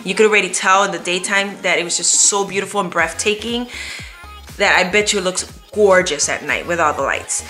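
A woman at home telling a story to her viewers in an animated, expressive way, laughing often. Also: fairly low pitch, brisk, soft background music. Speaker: vlogger. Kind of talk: storytime chat to camera.

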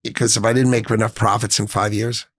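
A middle-aged man telling an emotional story in an interview, speaking emphatically and swinging between hushed and raised tones. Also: on the low side, little pitch movement, quick pace, no room sound, clean studio sound. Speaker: finance executive, interview guest.

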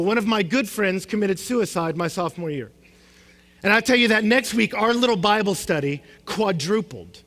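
A young man preaches with a very high, bright voice, swinging from emphatic rising questions to low, quiet statements. His words ring out with a long reverb from a large hall. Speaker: pastor. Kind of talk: sermon.

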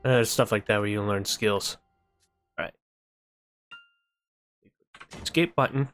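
A man's voice: lowish voice, unhurried, fairly bright tone, soft background music. A man streaming a video game live, chatting casually and thinking aloud as he plays. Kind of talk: casual live-stream chat while gaming.

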